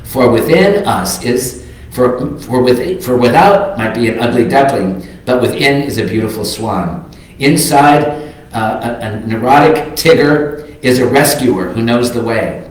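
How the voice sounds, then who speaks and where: A man's voice: mid-range voice, lively intonation, measured pace. An older man giving a reflective, earnest sermon as a minister, reading quotes aloud. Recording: very echoey sanctuary.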